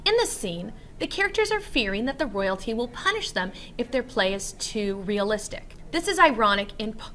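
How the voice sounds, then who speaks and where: A woman's voice: a little high, a bit bright, slight background noise. A woman teacher giving a recorded literature lesson, explaining scenes and reading quotes aloud.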